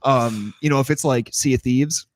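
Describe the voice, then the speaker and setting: A man's voice: medium pitch, normal speed, no room sound. A young man in a casual podcast chat, rambling and swearing freely. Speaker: podcast guest.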